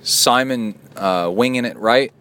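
A man's voice: mid-range voice, unhurried, pushed and bright, smooth. A man hosting a casual podcast, joking and goofing around as he reads out donations. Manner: playful, joking, goofy asides. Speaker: podcast host.

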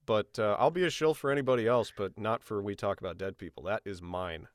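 A man's voice: on the low side, brisk, no echo, clean studio sound. A young man hosting a podcast, chatting casually and telling stories with laughter. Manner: animated, laughing storyteller. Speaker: podcast host.

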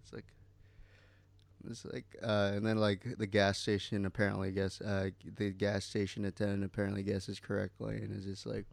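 A man's voice: on the low side, completely flat delivery, normal speed, gravelly, no room sound. A man co-hosting a podcast in casual chat, rambling with many fillers and some swearing. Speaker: podcast co-host.

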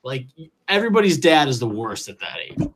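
A man in his twenties hosting a podcast, chatting casually and telling animated stories full of quoted voices. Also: fairly high pitch, fairly quick, husky. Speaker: podcast host.

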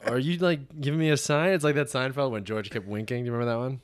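A man's voice: medium pitch, steady tone, fast talker, smooth. A man in casual sports podcast chat, swearing freely, ranting and acting out mock conversations. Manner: profane, ranting, acts out mock dialogue. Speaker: podcast co-host.

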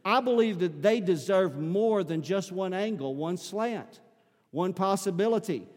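A man's voice: sits high, lively intonation, unhurried. A man preaching a sermon in a church, earnest and often repeating words as he presses a point. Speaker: pastor. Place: church sanctuary. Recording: long hall reverb.

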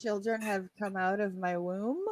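A woman with a medium-pitched voice, chatting casually on a podcast. She teases the others with playful questions, and her voice sounds dry and close, with no room echo. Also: fairly even intonation, normal speed, darkish tone. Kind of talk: casual chat.

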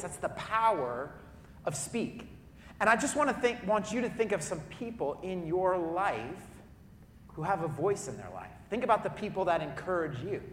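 A man preaching a sermon to a congregation in a church auditorium, telling lively stories and turning to the crowd with asides. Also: sits high, slight background noise. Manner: lively storytelling with audience asides, loud bursts when acting out cheering. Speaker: pastor. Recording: echoey hall.

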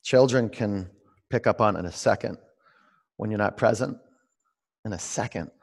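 In a fairly low, gravelly voice at normal speed, a man runs a guided online yoga class. He mixes calm meditation prompts with clear directions and speaks to students by name.

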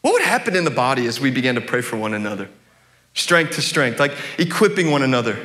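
A man's voice: medium pitch, very animated, fast, sharp tone. A young adult male pastor preaching a sermon in a church, conversational and chuckling, with many fillers and restarts. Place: church sanctuary.

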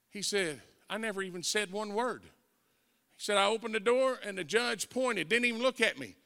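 An older man preaching a folksy testimony sermon as an evangelist, telling stories and rising into shouted preaching. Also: high voice, brisk, creaky. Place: church sanctuary. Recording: long church hall reverb.

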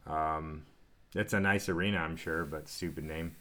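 A man's voice: rumbling low, fairly even intonation, moderate pace, a bit bright. A man co-hosting a casual sports podcast, blunt and dismissive, laughing often as he ranks things. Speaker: podcast co-host.

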